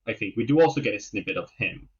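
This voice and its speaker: A low-voiced man with a husky tone co-hosting a book podcast in easygoing, hesitant chat. His audio sounds dull and lo-fi. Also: lively intonation, fast talker. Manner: easygoing, hesitant, many fillers. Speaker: podcast co-host. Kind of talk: casual book discussion.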